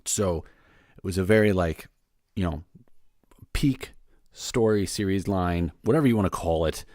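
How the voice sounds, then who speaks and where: Male podcast host, lowish voice, dry close sound, casual rambling solo update. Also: unhurried, a little mellow, no echo. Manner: loose and rambling, many fillers and restarts.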